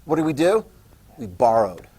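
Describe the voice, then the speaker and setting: A man's voice: mid-range voice, big pitch swings, moderate pace, dark tone, husky, low-quality recording. A man teaching a history class in a joking lecture style, quizzing students and acting out quotes.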